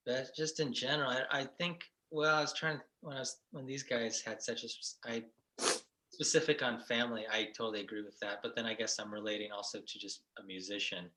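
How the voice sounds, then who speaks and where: A man, a band member guest, talking in a relaxed, rambling way, thinking aloud. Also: mid-range voice, a little fast, low-quality recording. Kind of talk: casual interview talk.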